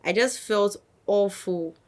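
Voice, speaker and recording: A young woman, a podcast guest telling a lively story and acting out what others said. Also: medium pitch, slow. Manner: animated, acts out quotes of others. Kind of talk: casual storytelling.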